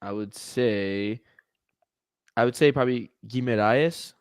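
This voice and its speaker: A man co-hosting a casual sports podcast, excitable and prone to loud outbursts. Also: fairly high pitch, fairly quick, no room sound, poor audio. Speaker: podcast co-host.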